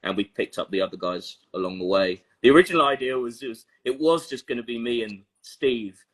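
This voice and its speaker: A man's voice: medium pitch, a little fast, a bit bright. A man guest on a casual podcast talks in a rambling way. He mocks himself a lot, in a medium voice. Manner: rambling, self-mocking. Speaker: band member guest. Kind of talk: casual chat.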